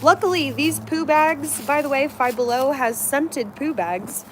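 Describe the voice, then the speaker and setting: A woman's voice: high voice, measured pace, a little hiss or hum. A young woman chatting casually on a livestream while walking her dog outdoors, slipping into baby talk with the dog. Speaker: livestream host. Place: outdoors, walking around a residential complex.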